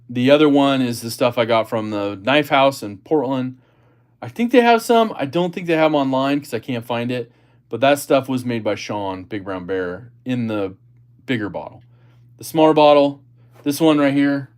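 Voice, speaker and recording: A man's voice: mid-range voice, clear, resonant tone. A man hosting a casual livestream, chatting about gear and reading viewer comments aloud. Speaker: livestream host.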